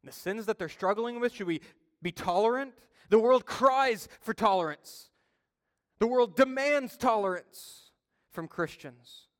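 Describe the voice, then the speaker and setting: Animated male pastor preaching in reverberant hall. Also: high-pitched, a little slow. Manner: animated storytelling, swings from loud emphasis to quiet asides. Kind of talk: sermon. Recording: long reverb of a church hall.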